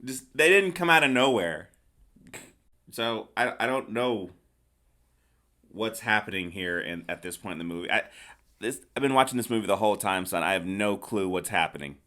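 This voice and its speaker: A man's voice: deep voice, moderate pace, sharp tone. A middle-aged man hosting a casual podcast, recapping a film in a rambling, hesitant way with lots of restarts. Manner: rambling, hesitant, acts out characters' lines. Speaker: podcast host. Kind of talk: casual movie review chat.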